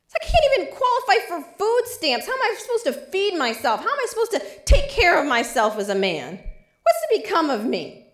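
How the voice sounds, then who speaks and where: A woman's voice: extremely high pitch, wildly swooping pitch, brisk, reverberant, voice pushed up, exaggerated voice. A woman voicing a desperate young man who pleads with emphatic outbursts. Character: young man, desperate, angry, then remorseful.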